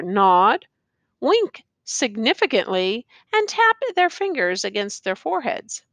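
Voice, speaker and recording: A woman narrating a classic tale as an expressive audiobook reader. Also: fairly high pitch, no echo. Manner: expressive, storytelling.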